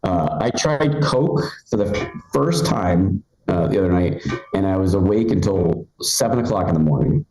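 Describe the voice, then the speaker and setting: A man's voice: sits low, expressive, moderate pace, mellow, echoey room, faint music behind, rough recording. A man in his forties doing a live stand-up set, chatty and rambling, full of fillers and restarts. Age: 40s. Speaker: stand-up comedian. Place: comedy club stage.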